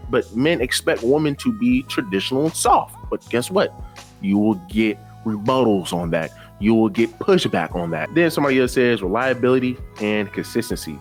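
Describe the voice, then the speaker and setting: A man delivering reaction commentary in an emphatic, lecturing tone, repeating lines for effect. His voice sits at an ordinary middle pitch, with faint music underneath. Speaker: commentary host.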